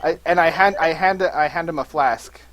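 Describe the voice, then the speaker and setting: A player at a tabletop game, talking casually and quick to joke. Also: medium pitch, a bit bright, slight background noise.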